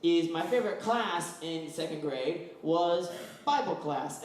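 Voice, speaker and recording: A man's voice: fairly high pitch, unhurried. A man from West Virginia doing a stand-up comedy set, rambling through stories and acting out voices. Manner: rambling, animated storytelling with acted-out voices. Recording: echoey room, voice from far off.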